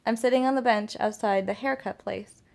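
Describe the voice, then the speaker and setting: A woman's voice: on the high side, moderate pace, gravelly. A young woman and mother talking to the camera in a casual vlog, earnest and emphatic, repeating her points for stress. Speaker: mother vlogging about parenting.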